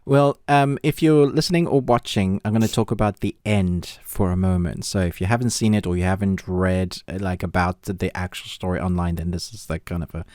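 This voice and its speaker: A man's voice: sits low, brisk, hardly any pauses, no room sound, studio quality. A man co-hosting a podcast, chatting casually about a series and easily drifting into side topics. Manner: relaxed, wanders into tangents. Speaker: podcast co-host. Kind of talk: casual film review chat.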